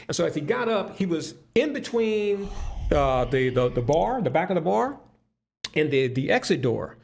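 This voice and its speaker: A man telling stories as a guest in a casual podcast conversation, animated and profane, with many restarts. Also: sits high, normal speed, creaky, husky.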